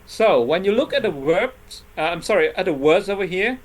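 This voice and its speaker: Patient male teacher, slightly high voice. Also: very animated, moderate pace. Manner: patient, constantly checks in with "right?" and "okay?". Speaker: English teacher. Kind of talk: classroom lesson explaining word stress.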